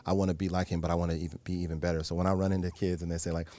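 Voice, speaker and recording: A man in his thirties, an actor guest in a radio studio, telling stories in a relaxed interview with frequent restarts. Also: low-pitched, rapid-fire. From Los Angeles. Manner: animated storyteller, many restarts. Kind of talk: casual interview talk. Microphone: studio mic.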